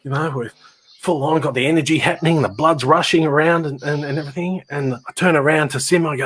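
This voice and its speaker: A man, co-hosting a casual chat and telling lively stories that act out the voices of the people in them. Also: a little high, fast talker, slightly rough. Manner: lively storyteller acting out voices.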